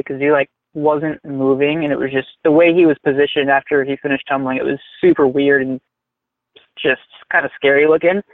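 A man telling a rambling, animated story in casual chat, swearing freely. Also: mid-range voice, fairly quick, no room sound. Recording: tinny phone-like line, dry.

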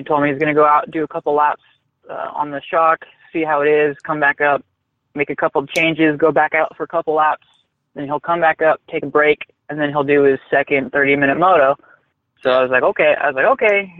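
A man telling a rambling, animated story in casual chat, swearing freely. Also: fairly high pitch, no echo. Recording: tinny phone-like line, dry.

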